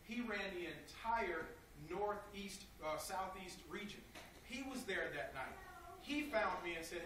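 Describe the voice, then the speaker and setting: A man's voice: high-pitched, expressive, unhurried, bright, forceful tone, slight background noise. Emotional man speaking to a crowd, echoey. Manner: emotional, storytelling, asks the crowd questions. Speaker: motivational speaker. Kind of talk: live motivational talk to an audience. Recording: echoey room, far from the mic.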